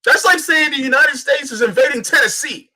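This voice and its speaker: A man's voice: very high-pitched, brisk, bright, forceful tone. A man hosting a political livestream, arguing fiercely, firing off rhetorical questions and swearing now and then. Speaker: host.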